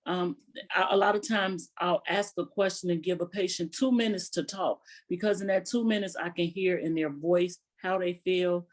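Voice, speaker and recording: A woman physician answering interview questions calmly, telling stories and quoting her patients. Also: fairly low pitch, normal speed. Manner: calm, storytelling with quoted patients.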